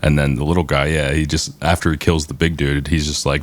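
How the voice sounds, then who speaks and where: A man's voice: extremely low pitch, flat delivery. A man co-hosting a podcast, talking through a movie in casual chat, often restarting his sentences. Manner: halting, restarts mid-sentence. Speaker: podcast co-host.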